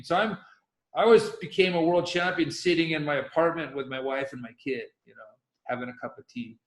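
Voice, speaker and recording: A man's voice: a little high, brisk. A middle-aged man, a podcast guest, telling a long story in casual conversation and acting out his own past reactions. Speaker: podcast guest, professional windsurfer. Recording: roomy echo.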